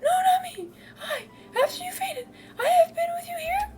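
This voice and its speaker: A woman doing a shrill, teary young knight. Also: expressive, normal speed, over music. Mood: teary pleading. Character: devoted tearful young male knight.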